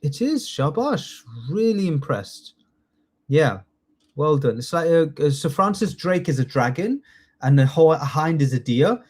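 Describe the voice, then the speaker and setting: A man's voice: fairly high pitch, big pitch swings, a little slow, breathy edge. A man in his thirties, a tutor running a live online quiz lesson, chatty and jokey, reading out multiple-choice questions and praising students by name. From United Kingdom. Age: 30s. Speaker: citizenship test tutor.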